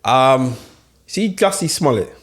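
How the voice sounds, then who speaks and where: Brief: male podcast panelist, mid-pitched, leading the conversation onward. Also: lively intonation, takes it slowly, fairly bright tone. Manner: trying to steer the talk to the topic.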